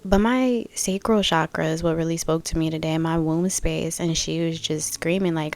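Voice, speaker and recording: A woman's voice: fairly low pitch, fairly even intonation, normal speed, a little mellow. A young adult woman hosting a reflective spiritual podcast, musing casually and thinking aloud with many fillers. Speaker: podcast host.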